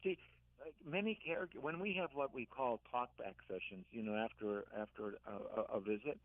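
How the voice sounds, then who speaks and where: A man's voice: medium pitch, no echo. Older man on a tinny phone line. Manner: halting, repeats words, gentle anecdotes. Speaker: author and caregiver guest. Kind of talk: radio interview, storytelling.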